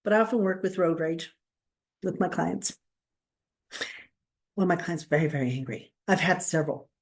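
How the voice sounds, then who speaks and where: Woman telling lively anecdotes. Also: fairly low pitch, moderate pace. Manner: animated storyteller, acts out quotes, laughs often. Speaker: podcast co-host, counselor. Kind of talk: casual chat, storytelling.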